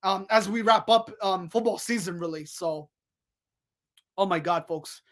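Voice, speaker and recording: A man hosting a solo sports podcast, excitable and full of restarts, calling the audience "folks" and "ladies and gentlemen" as he runs through scores and picks. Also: high-pitched, a little slow.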